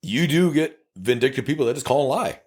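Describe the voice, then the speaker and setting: A man's voice: mid-range voice, brisk, husky. A man with a South Texas accent, a police officer co-hosting a podcast, telling a story with lots of profanity and acted-out dialogue. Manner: profane, animated, acts out dialogue. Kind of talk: casual storytelling chat.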